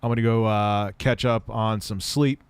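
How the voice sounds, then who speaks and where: A man's voice: lowish voice, steady tone, normal speed, clear, resonant tone, no echo. A man hosting a livestream, answering viewer questions in a blunt, offhand way and swearing often. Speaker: livestream host.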